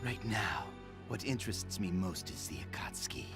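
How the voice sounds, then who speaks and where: An actor playing a sly, sinister ninja scholar in a game cutscene, smooth and mocking, relishing every threat. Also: male voice, lowish voice, moderate pace, lightly acted. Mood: curious. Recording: game cutscene under loud music.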